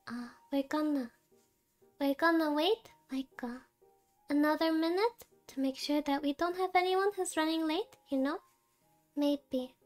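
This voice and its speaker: High-pitched, giggly sleepy woman streamer. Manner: giggly, cutesy, talks to chat with many laughs. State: sleepy, tired voice. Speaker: VTuber streamer. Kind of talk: casual game stream chat.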